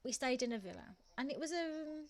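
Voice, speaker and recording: Brief: woman streamer, Black Country accent, a bit high-pitched, chatty, laughs easily. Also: expressive, fairly quick. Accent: Black Country (West Midlands English). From England. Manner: chatty, laughs often, talks to chat viewers. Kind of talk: casual chat while gaming.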